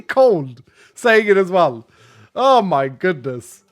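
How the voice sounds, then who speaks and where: Guy streaming a game, kinda high voice, rambles and laughs a lot. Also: sing-song, slow. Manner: chatty, rambling, laughs often. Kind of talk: casual gaming commentary.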